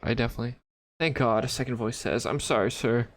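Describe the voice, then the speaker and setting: A man playing a text adventure game, reading its lines aloud and adding wry, deadpan comments on a close mic. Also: mid-range voice, quick pace, a little hiss or hum. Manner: wry, deadpan, bursts into laughter. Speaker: gaming YouTuber.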